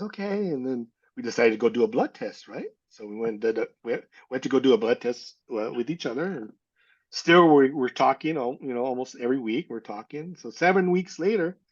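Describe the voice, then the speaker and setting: A man's voice: medium pitch, muffled recording. A man from California telling a personal story as an interview guest, acting out the people he quotes. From California, USA.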